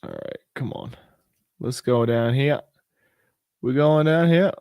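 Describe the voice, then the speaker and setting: A man's voice: medium pitch, slow pace, a little mellow, no room sound, studio quality. A man hosting a casual crypto show, talking through price charts in a rambling, chatty way with lots of fillers and restarts. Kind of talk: casual live chart commentary.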